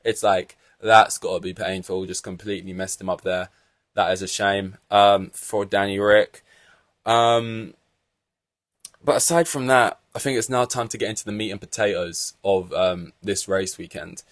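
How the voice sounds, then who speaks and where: Low-voiced man ranting on a podcast. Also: normal speed, no echo. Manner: animated, exasperated, swears freely. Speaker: podcast host. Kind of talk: casual solo podcast rant.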